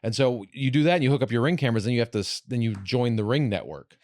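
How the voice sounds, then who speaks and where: A man's voice: medium pitch, expressive, fast talker, darkish tone, dry recording, clean studio sound. A man hosting a podcast, telling a long rambling story with plenty of swearing and restarts. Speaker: podcast host. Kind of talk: casual podcast chat.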